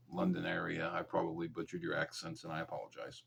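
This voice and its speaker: A man's voice: low voice, monotone, creaky, a bit bright, husky. A man hosting a true crime podcast, reading the case aloud and breaking off into casual, joking side comments. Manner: reads facts briskly, then drops into mumbled, joking side comments.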